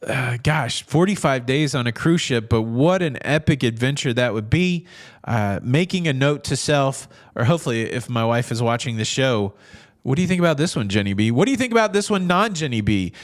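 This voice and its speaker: A man's voice: medium pitch, expressive, fairly quick. A middle-aged man hosting a casual cruise news show, chatting in a rambling way with jokey asides and frequent restarts. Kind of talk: casual commentary.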